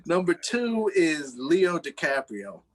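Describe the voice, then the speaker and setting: A man's voice: on the high side, very animated, slow pace, slight background noise. Laughing man telling a story. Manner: laughs often, storytelling with quoted asides. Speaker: podcast co-host. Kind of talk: casual banter.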